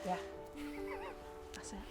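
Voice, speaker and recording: A middle-aged English woman who farms chats casually and with feeling about her animals, speaking at a slow pace with faint music in the background. She is chatty and emotional, and talks softly to the animals on the farm.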